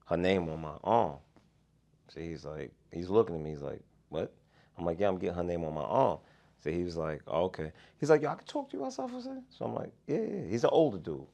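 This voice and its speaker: A man co-hosting a podcast, an animated storyteller who swings between mutters and loud outbursts in casual chat. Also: deep voice. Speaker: podcast co-host.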